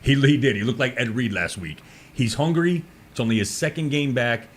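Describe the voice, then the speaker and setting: A man's voice: medium pitch, normal speed. A man co-hosting a sports radio show, confidently building his argument. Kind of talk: casual sports talk.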